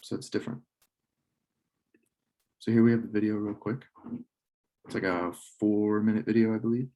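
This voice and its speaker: A man teaching a casual slideshow lesson, relaxed and halting, often correcting himself. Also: on the low side. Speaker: French club teacher.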